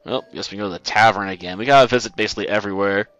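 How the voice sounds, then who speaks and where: A man with a bright, forward voice hosting a let's play. He comments casually and makes sarcastic jokes about the story as he goes. Faint game music plays underneath. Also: lowish voice, rapid-fire, no room sound, dull audio. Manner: joking, sarcastic asides.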